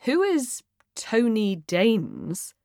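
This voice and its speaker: A woman voicing a sardonic, unimpressed young man in an audiobook, flat and dismissive. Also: a little high, slow pace, smooth, no room sound, clean studio sound. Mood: puzzled.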